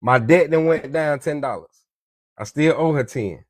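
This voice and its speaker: Guy preaching about money to his followers, cussing a lot, kinda high voice, no room sound at all. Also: moderate pace, dry recording, studio quality. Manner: profane, preachy, repeats "you dig me" and "beloved". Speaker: social media commentator on money. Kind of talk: casual lecturing monologue.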